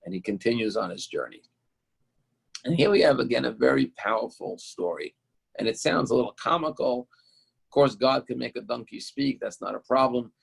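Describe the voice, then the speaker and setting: A man's voice: medium pitch, animated, normal speed, gravelly, breathy edge, rough recording. A male rabbi teaching a Torah lesson, retelling a story in an explanatory, storytelling way.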